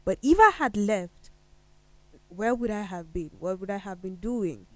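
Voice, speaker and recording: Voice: medium pitch, measured pace, fairly bright tone. A guest on a studio discussion show, speaking in a reflective, questioning way.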